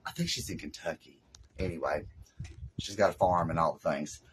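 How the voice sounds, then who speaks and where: A woman's voice: rumbling low, moderate pace, slight background noise, rough recording. A woman with a Southern US accent, hosting a casual craft live stream and chatting in a rambling way with her viewers from her home craft room.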